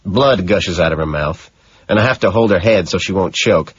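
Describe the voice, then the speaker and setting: A man reading an audiobook in scripted narration, slow and matter-of-fact. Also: deep voice, dull audio, slight background noise.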